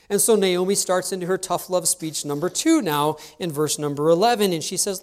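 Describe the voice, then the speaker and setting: A man's voice: a little high, moderate pace, few pauses. A man preaching an expository sermon, conversational, explaining step by step and speeding up on asides.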